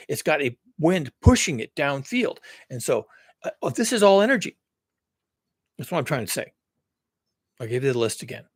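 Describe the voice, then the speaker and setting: A man's voice: on the high side, dry recording. A man hosting a live-streamed solo talk, explaining earnestly in long lists and restarts at a computer mic. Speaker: climate commentary host.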